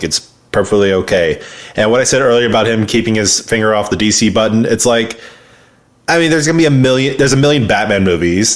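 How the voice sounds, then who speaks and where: A man in his twenties co-hosting a casual chat, animated and opinionated, swearing freely. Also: lowish voice. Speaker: podcast co-host.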